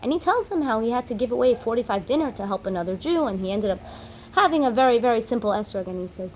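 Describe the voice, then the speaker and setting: Woman teacher storytelling to kids, kinda high voice, faint noise in the back. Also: fast talker, low-quality recording. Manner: animated storyteller, acts out characters' lines. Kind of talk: storytelling lesson for children.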